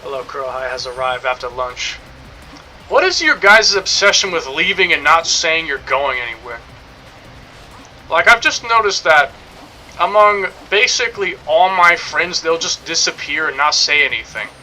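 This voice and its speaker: Bright-voiced joking young man streamer. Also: fairly high pitch, big pitch swings, moderate pace, a little hiss or hum, poor audio. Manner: rambling, jokey, swears casually. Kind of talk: casual gameplay commentary.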